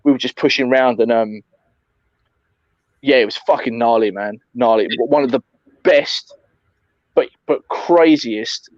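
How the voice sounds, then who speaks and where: A man recounting an airsoft game in casual chat, animated, swearing often and calling his friend mate. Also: mid-range voice, unhurried, long pauses, no echo, muffled recording.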